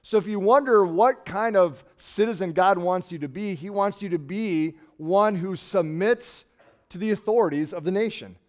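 A middle-aged man from Nebraska preaching a sermon in a conversational way, swinging from loud emphasis to quiet trailing words. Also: sits high, moderate pace. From Nebraska, USA. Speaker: pastor.

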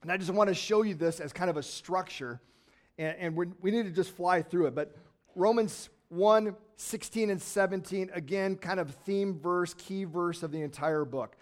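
A man with a fairly high voice preaches to his congregation in a church sanctuary. He talks like he is chatting with friends, tosses in quick asides and jumps into bursts of excitement. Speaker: pastor. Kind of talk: sermon.

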